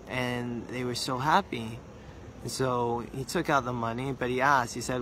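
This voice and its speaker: A male storyteller narrates a religious tale earnestly, at a middle pitch. He repeats words for emphasis and slows down on details. A faint hum of background noise sits under his voice. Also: little pitch movement, a bit bright.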